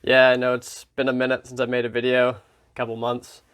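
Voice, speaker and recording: A man from Pennsylvania hosting his knife vlog, talking casually and wryly, his voice slightly froggy and hoarse. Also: medium pitch, monotone, fairly quick, a bit bright. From Pennsylvania, USA. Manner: laid-back and wry, with filler ums. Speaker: knife channel host. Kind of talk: casual hobby vlog talk.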